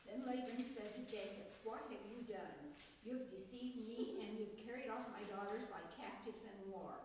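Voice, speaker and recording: A woman in a Bible study group reading scripture aloud in a soft, plain voice. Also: mid-range voice, moderate pace. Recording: distant voice in an echoey hall with background noise.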